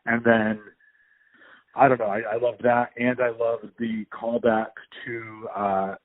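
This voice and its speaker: A man's voice: mid-range voice, level tone, slow pace, dry recording. A man hosting a podcast, chatting casually and enthusiastically over the phone, rambling with restarts. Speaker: podcast host. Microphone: phone call. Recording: tinny phone line.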